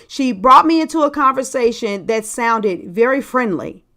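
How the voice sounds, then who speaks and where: A woman's voice: sits high, lively intonation, moderate pace, hardly any pauses, sharp tone. A woman hosting a podcast as a sales coach, talking casually and emphatically straight to her listeners.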